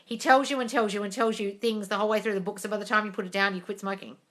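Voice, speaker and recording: A woman hosts a casual live Q&A from her phone and answers viewer questions with blunt, brassy confidence. She swears freely and calls people darling, and her voice is bright and forward. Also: medium pitch, fairly even intonation, racing. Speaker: host of a manifesting Q&A live stream. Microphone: phone mic on a live stream.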